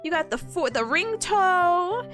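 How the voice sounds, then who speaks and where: Giggly woman streamer with a bright, crisp, high voice; playful, silly delivery with faint music behind. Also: big pitch swings, takes it slowly. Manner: giggly and playful, laughing often; silly, sings sound effects. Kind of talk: casual live-stream chat.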